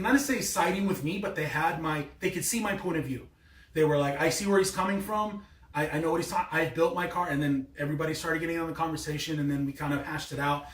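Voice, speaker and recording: A man in his thirties telling a rambling, exasperated story in a casual vlog. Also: a little high. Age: 30s. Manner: rambling, exasperated, many restarts. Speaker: car vlogger. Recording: echoey, mic at a distance.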